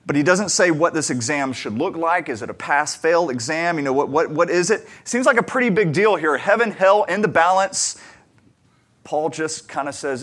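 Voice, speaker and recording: Earnest man preaching, slightly high voice. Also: expressive, moderate pace, breathy edge. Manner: earnest, conversational, swings between quiet asides and emphatic questions. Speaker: pastor. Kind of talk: sermon with personal storytelling.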